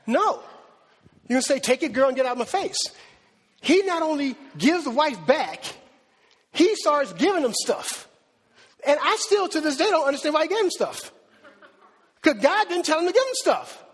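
A man's voice: very high voice, big pitch swings, moderate pace, long pauses, fairly bright tone, in a large hall. A man preaching a conversational sermon in a church, full of rhetorical questions to the congregation. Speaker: pastor. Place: church sanctuary.

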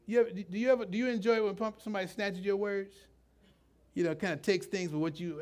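A middle-aged man preaches a sermon in a loose, conversational way. His voice sits fairly high, and he often stops, restarts, and drifts into asides. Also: steady tone, fast talker. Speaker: pastor.

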